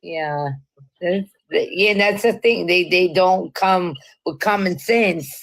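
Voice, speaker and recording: A woman, chatting loudly and defiantly, laughing often. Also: on the low side, slow, vocal fry, poor audio. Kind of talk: casual chat.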